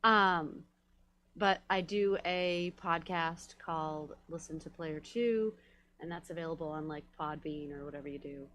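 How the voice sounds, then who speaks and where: Lady comedian, kinda low voice, chatty and offhand. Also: measured pace, fairly bright tone, slight background noise, rough recording. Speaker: comedian panelist. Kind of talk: casual comedy chat.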